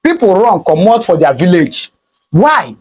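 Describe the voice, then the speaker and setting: A man's voice: high voice, big pitch swings, unhurried, darkish tone, slightly rough. A man with a Nigerian accent hosting his own political commentary video, talking in an impassioned, emphatic way and slipping into pidgin phrases. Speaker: channel host.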